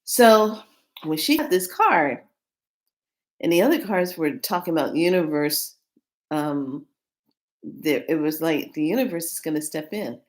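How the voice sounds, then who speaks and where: Low-voiced chatty woman card reader. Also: unhurried, pauses often. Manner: chatty and animated, retelling conversations. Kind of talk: casual storytelling to camera.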